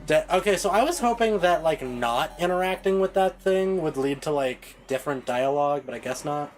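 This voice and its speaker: A man's voice: a little high, lively intonation, moderate pace, few pauses, rough recording. Casual streamer guy talking to chat, chatty, game music going. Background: game soundtrack music.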